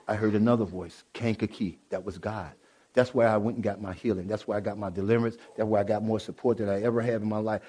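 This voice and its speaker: A middle-aged man from Illinois telling his personal testimony to an audience, animated, swinging from loud bursts to low, quiet asides, with many restarts. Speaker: speaker giving a personal testimony. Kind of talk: spoken testimony to a live audience.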